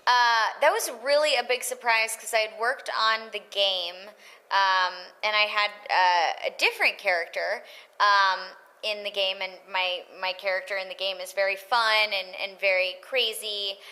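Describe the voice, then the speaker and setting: In a casual interview, a thirtyish voice actress speaks a little slowly in a mid-range voice, animatedly acting out the lines she quotes. The audio quality is poor.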